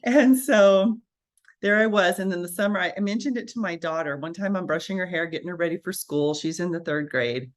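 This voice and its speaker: A woman, a registered nurse, telling her story as a guest in a casual interview, animated and acting out the voices she quotes. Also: on the low side, brisk.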